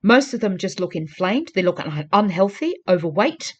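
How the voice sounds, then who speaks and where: A woman talking straight to her viewers in a casual vlog. Her voice sits at an ordinary middle pitch. She sounds earnest and urging, and she keeps repeating her pleas to drive the point home. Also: very animated, moderate pace, dull audio. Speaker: vlogger. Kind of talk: casual talk to camera.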